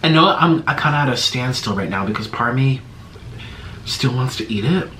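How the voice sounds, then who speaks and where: Man, mukbang host, casual vlog chat, halting and strained, numb stinging mouth, bright tense tone, lively pitch. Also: echoey room, a little hiss or hum. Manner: strained, halting talk while suffering from spicy food. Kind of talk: casual eating vlog talk to camera.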